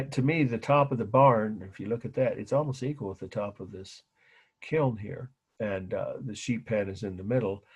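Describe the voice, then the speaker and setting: Husky-voiced man lecturing on art. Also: mid-range voice, a little mellow. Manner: spells out terms letter by letter, frequent restarts and asides. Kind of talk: classroom lecture.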